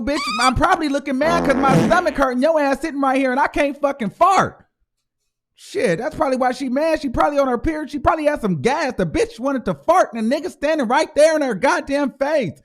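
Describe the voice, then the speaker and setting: A man's voice: very high voice, brisk. A man hosting his own show, giving a casual, profane commentary and acting out the people he talks about. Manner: animated, profane, acts out quoted voices. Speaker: host.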